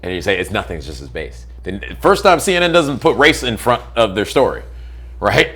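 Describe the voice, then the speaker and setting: Animated man telling a heated story. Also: brisk, breathy edge. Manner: acts out quotes with big swings in pitch and loudness; blunt, swears freely. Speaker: interview guest.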